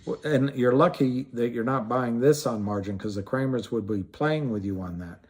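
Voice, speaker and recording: A man's voice: medium pitch, moderate pace, husky. A man hosting a casual livestream, rambling with frequent restarts and trailing thoughts, and greeting viewers by name as he answers them. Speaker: livestream host.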